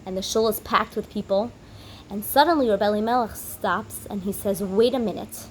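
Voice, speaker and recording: A woman teacher giving a holiday lesson to children, telling a story in an animated way and acting out the characters' lines. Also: medium pitch, moderate pace, a little hiss or hum, low-quality recording.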